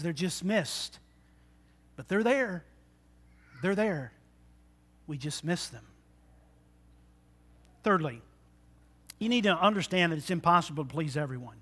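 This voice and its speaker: Wysoki, jasny głos pastora. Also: male voice, a little high, a bit bright, breathy edge. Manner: conversational, asks the congregation questions. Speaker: preacher. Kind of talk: sermon. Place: church.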